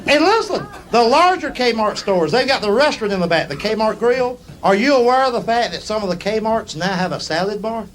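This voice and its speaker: A man's voice: high-pitched, expressive. A man telling folksy stories in a stand-up comedy show on stage. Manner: folksy, drawn-out storytelling, slipping into quoted voices. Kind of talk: storytelling stand-up. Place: live comedy stage before an audience. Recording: live show with audience laughter and noise.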